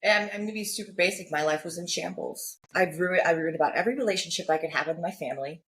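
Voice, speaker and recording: Fast and fairly bright, this woman's lowish voice comes with slight background noise. As a podcast guest she candidly recounts her personal story, acting out others' quoted lines and peppering it with "like" and "you know."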